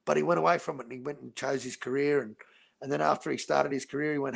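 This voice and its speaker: A man's voice: medium pitch, fairly even intonation, fast talker, creaky. A man with an Australian accent, talking boxing in a blunt, profane casual chat and calling everyone mate. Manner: blunt, crude and profane, says "mate" a lot. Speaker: podcast host.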